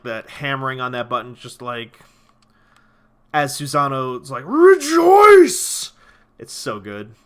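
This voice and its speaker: A male streamer talking over his gameplay in loose, rambling commentary. His tone is bright and forward, and he swears freely while he enthuses about the game. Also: medium pitch, clean tone.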